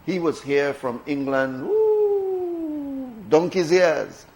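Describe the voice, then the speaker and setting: A man's voice: medium pitch, moderate pace, low-quality recording. A man with a Belizean accent hosting a morning radio talk show, chatting casually and repeating words for emphasis. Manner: conversational, emphatic with repetition.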